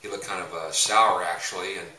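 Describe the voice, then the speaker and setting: A man's voice: deep voice, steady tone, a little fast, pushed and bright. A man giving a casual faith-based teaching talk, telling stories in a rambling way with many filler sounds. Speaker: evangelism ministry leader. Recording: roomy echo, mic at a distance, faint noise.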